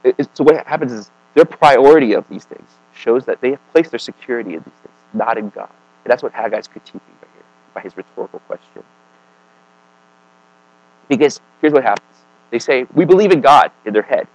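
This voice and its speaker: A man preaching a sermon in a casual, conversational way, often checking in with "right?" and "okay?", swinging between emphatic and quiet. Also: medium pitch, brisk, long pauses, low-quality recording.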